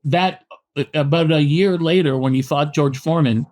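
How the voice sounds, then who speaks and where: Animated storytelling man from Canada. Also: on the high side, normal speed. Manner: animated anecdotes, frequent restarts and acted quotes. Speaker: boxing historian and author. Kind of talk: storytelling in a podcast interview.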